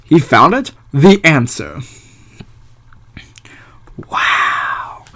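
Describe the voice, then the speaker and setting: A man's voice: a little high, huge pitch swings, extremely slow, pushed and bright, in a whisper, full character voice. A man doing an earnest, incredulous young hero. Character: eager young male philosopher hero, indignant and earnest.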